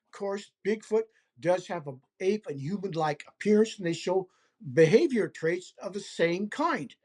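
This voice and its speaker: A man who is an interview guest, telling a first-person story deliberately and acting out gestures as he describes them. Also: sits high, lively intonation, darkish tone. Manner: deliberate, acts out gestures as he narrates. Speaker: interview guest recounting a hunting encounter.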